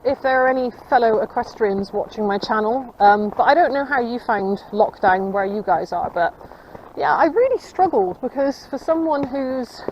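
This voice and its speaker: A woman's voice: on the high side, animated, normal speed. Woman, horse-riding vlogger, chatty and rambling, outdoors on a trail, slightly dull sound, faint outdoor noise. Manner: rambling, chatty, talks to her horse between asides. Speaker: equestrian vlogger. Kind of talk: casual chat while horse riding.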